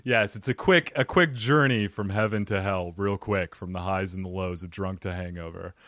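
A man's voice: sits low, normal speed, a bit bright, no room sound, studio quality. A man hosting a podcast, chatting playfully with his guest and laughing often. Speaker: podcast host. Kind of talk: casual podcast interview.

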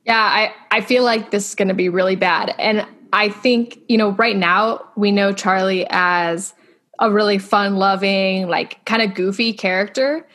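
A woman's voice: medium pitch, steady tone, a little slow, fairly bright tone. A woman co-hosting a podcast, chatting casually and self-deprecatingly about a TV episode, full of questions. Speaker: podcast co-host. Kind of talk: casual chat recapping a TV episode.

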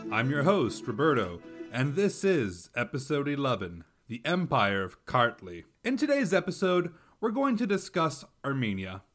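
A man's voice: medium pitch, wildly swooping pitch, moderate pace, few pauses, fairly bright tone, soft background music. A man hosting a history podcast, reading a script with wry, sarcastic asides.

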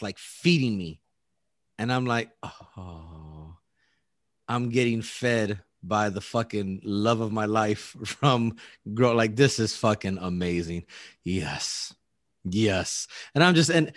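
Man, storyteller, excitable, acts out every quote, dry close mic. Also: mid-range voice, no room sound. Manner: animated, acts out quotes, laughs often, swears. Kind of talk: casual storytelling chat.

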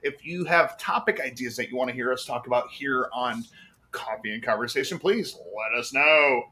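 A man's voice: mid-range voice, moderate pace, sharp tone. A man co-hosting a casual livestream chat, goofy and fond of cartoon impressions. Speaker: co-host.

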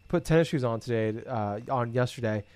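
A man's voice: mid-range voice, fairly quick, clean tone, dry recording. A man in casual conversation, telling rambling everyday stories with lots of swearing and filler words. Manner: rambling, profane, animated storytelling. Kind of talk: casual chat.

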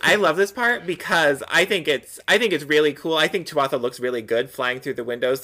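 A podcast co-host in casual chat, enthusiastic and quick with jokes. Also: medium pitch, pushed and bright.

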